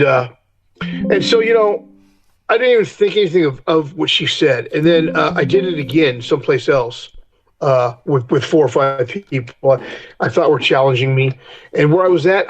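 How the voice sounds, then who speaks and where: A middle-aged man tells hard-edged stories as a podcast guest. He speaks bluntly, swears freely and acts out heated run-ins in a voice that sits a little high for a man. The sound is dull and lo-fi. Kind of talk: candid storytelling interview.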